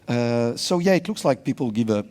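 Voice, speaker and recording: Casting: relaxed French-accented man, mid-pitched, live conference stage co-presenter. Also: normal speed. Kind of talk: live panel-style chat on stage.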